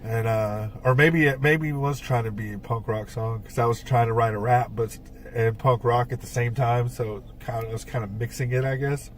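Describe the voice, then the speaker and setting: A man's voice: medium pitch, fairly even intonation, moderate pace, distant mic, a little hiss or hum. Rambling man telling band stories, off-mic. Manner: rambling storyteller with frequent fillers and swearing. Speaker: podcast co-host and band songwriter. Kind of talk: casual chat.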